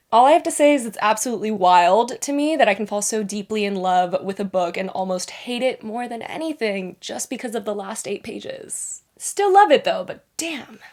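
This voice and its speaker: A woman's voice: medium pitch, lively intonation, moderate pace, darkish tone. A young woman reviewing books in a casual, rambling vlog, with self-deprecating asides. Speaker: book reviewer.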